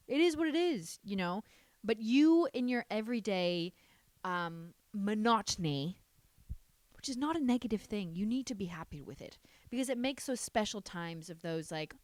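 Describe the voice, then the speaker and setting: A woman's voice: mid-range voice, no room sound. A woman hosting a podcast, giving frank, sassy advice in a casual chat with casual swearing. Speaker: podcast host.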